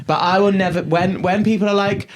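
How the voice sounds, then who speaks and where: Background noise sits under a podcast co-host whose voice runs high and steady at a brisk clip. He's animated in casual conversation, swearing freely, telling stories and voicing the quotes himself.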